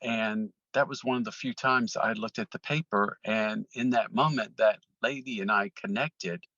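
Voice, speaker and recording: A man's voice: lowish voice, moderate pace, pushed and bright, no room sound, lo-fi sound. A man telling a long personal story as an interview guest, rambling with many ums and restarts. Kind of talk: casual storytelling.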